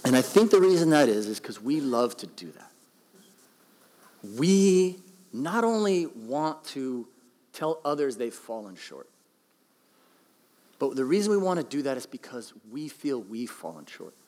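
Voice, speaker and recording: A man's voice: mid-range voice, sing-song, a little slow, pauses often, darkish tone, big-room sound. A man in his thirties, a pastor, preaching a conversational, self-deprecating sermon and acting out quotes.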